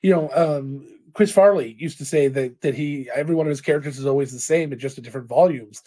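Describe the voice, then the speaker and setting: Man, co-host, casual chat, husky, fairly high voice, rambling. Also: fast, warm tone. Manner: rambling, self-deprecating, laughs. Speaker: co-host, dungeon master.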